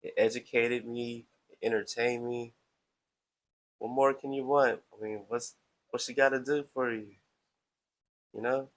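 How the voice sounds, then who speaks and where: A man's voice: mid-range voice, steady tone, measured pace, pauses often, rough recording. Playful, chatty man hosting a stream. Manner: playful, chatty, self-promoting. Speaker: live stream host. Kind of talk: casual live-stream monologue.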